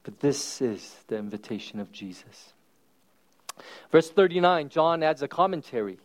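A male pastor preaching a sermon at a church service, telling stories with swings between loud exclamations and hushed asides. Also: a little high, lively intonation, normal speed.

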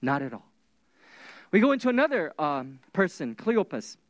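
A preacher giving a sermon, retelling scripture as animated storytelling with casual asides. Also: mid-range voice, normal speed, no echo.

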